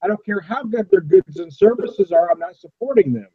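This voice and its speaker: A high-pitched man earnestly challenges the others in a casual debate. His voice comes through dull and lo-fi. The sound is very dry. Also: big pitch swings, a little fast, husky, no room sound. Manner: questioning, earnest.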